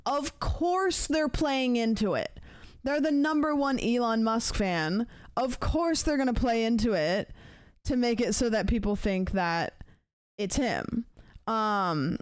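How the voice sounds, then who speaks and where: A woman streamer chatting casually with her live viewers, rambling and thinking out loud with lots of fillers. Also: medium pitch, dry recording. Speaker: livestreamer.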